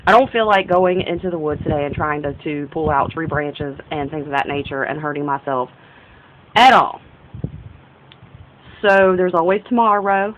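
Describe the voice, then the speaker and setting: A woman's voice: low voice, normal speed, fairly bright tone, low-quality recording. Rambling young woman vlogging. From northern United States. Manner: rambling, jumps between topics, self-interrupting. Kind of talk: casual vlog monologue.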